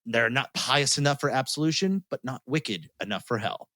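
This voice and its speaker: A man's voice: mid-range voice, lively intonation, moderate pace, pushed and bright, no room sound. A man hosting a podcast, retelling a story in casual chat, laughing often and swearing freely. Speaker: podcast host.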